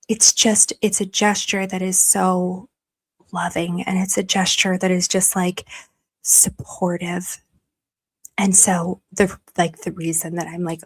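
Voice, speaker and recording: A woman hosting a livestream, chatting casually to her viewers, gushing and emotional, rambling with many restarts. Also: medium pitch. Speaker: livestream host.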